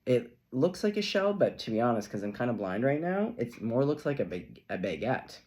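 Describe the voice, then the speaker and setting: A middle-aged man giving a casual, chatty tarot reading to camera, playful and quick to laugh, with lots of asides. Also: medium pitch, sing-song, a little mellow. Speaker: tarot reader.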